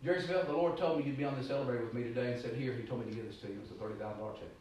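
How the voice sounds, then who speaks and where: A man preaching a sermon, rambling through anecdotes and then rising to loud exhortation. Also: mid-range voice, fairly even intonation, very fast. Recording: echoey room, distant mic, faint noise.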